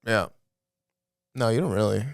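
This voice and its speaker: A man co-hosting a podcast, chiming in with relaxed, joking remarks. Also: on the low side, moderate pace, vocal fry, no room sound, studio quality. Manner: chiming in, joking, laid-back. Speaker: podcast co-host. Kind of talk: casual podcast banter.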